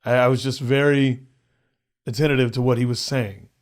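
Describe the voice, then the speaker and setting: A male comedian who is a podcast guest tells a personal story in a relaxed, conversational way. His speech is halting and full of repeated words, and he acts out the other people's voices. His voice sits at an ordinary pitch for a man. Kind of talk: casual storytelling.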